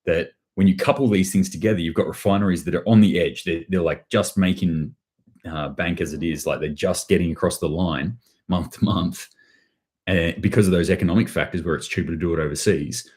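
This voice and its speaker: A man with a low, deep voice talks through the news in a loose live-stream commentary. He rambles and often restarts his phrases, with a sardonic edge. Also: fairly even intonation, fairly quick, darkish tone, husky. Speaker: host.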